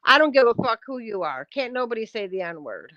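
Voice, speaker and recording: A woman's voice: a little high, big pitch swings, brisk, bright, forceful tone, no echo, dull audio. A woman on a live stream, ranting bluntly and confrontationally at her chat and swearing often. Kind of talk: heated live-stream rant.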